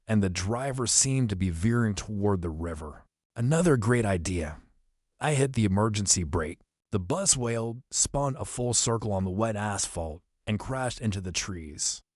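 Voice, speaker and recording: A man reading an adventure novel aloud as an audiobook narrator, telling the action briskly in the first person. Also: lowish voice, a little mellow, no echo, studio quality. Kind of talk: scripted storybook narration.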